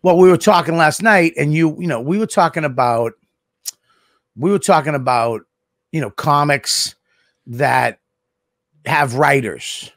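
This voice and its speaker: A man with a Boston accent, hosting a casual podcast chat in a blunt, profane, gruff way. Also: on the high side, measured pace, pauses often, a bit bright, dry recording. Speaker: podcast host.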